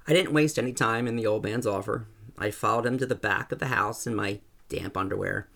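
A man reading a first-person story aloud in a calm, even way. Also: lowish voice, brisk, vocal fry. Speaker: narrator.

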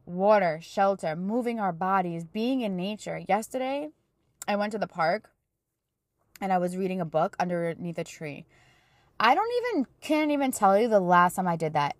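A woman's voice: fairly low pitch, dry recording. Young woman rambling casually on her podcast, fillers everywhere, very dry sound. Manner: chatty, says "like" and "you know" constantly. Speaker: podcast host. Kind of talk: casual faith-based podcast monologue.

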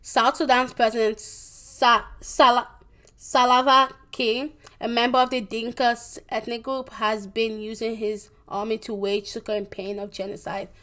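A young woman giving a presentation, reading from her notes haltingly, with many restarts, corrections and fillers. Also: fairly high pitch, little pitch movement, bright, forceful tone. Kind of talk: reading a school presentation on world events.

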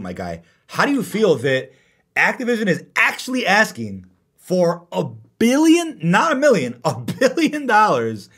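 A man hosting a casual podcast, reading out viewer comments and answering them in a lively way. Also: sits high, breathy edge. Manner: fast, animated, reads viewer comments aloud. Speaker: podcast host.

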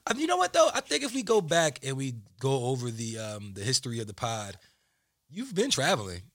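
A man's voice: mid-range voice, huge pitch swings, fairly quick, a bit bright, dry recording, clean studio sound. A young man hosting a podcast in loose, joking chat full of slang and laughter. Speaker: podcast host. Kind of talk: casual podcast banter.

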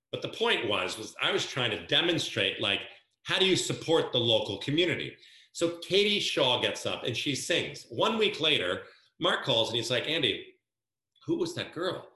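Lively man, bright voice, echoey room. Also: medium pitch. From New Jersey, USA. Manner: lively storyteller who acts out quoted dialogue. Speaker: guest, events planner. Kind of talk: animated storytelling.

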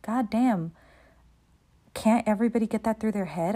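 A woman talks through a soap episode in an easy, conversational recap. She wanders through fillers and drops blunt, joking asides. Her voice sits at an ordinary middle pitch for a woman. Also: normal speed, mellow. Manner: chatty and conversational, with loose fillers and frank jokes. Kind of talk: casual recap commentary.

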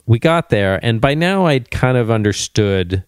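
A young man from Canada hosting a podcast, telling a travel story in a rambling, animated way. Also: mid-range voice, a little slow, smooth, no echo, clean studio sound. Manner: rambling, animated anecdote-telling with frequent restarts. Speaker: podcast host.

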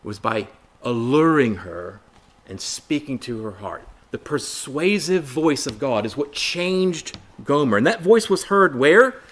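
Male Bible study preacher, earnest and rhetorical, with a lively voice that rises and sinks a lot. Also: mid-range voice, a little slow. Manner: earnest, rhetorical questions, repeats phrases for emphasis; addresses listeners as brothers and sisters.

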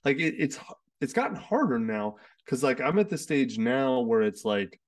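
Man, podcast host, rambling chatty delivery, mid pitch, a bit distant from the mic. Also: big pitch swings, normal speed, vocal fry. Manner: rambling, many restarts and fillers. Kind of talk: casual conversation. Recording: sits away from the mic.

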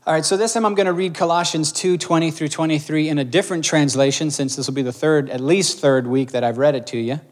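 A man's voice: fairly high pitch, steady tone, fast, hardly any pauses. A man preaching a sermon as pastor, talking in a conversational way and checking in with his listeners.

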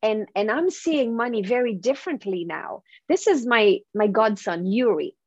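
A woman's voice: fairly high pitch, animated, moderate pace, dry recording. French Canadian woman, eager, dull dry audio. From Quebec, Canada. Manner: earnest, eager, with frequent laughs. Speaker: guest, professional speaker. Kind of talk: podcast interview.

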